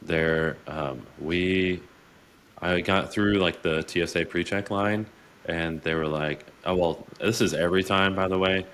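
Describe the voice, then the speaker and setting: A man's voice: deep voice, fairly even intonation, unhurried, a bit bright, a little hiss or hum. A man co-hosting a podcast, telling rambling stories in casual chat and using lots of fillers. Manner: rambling storyteller, says like a lot. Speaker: podcast co-host. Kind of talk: casual anecdotes.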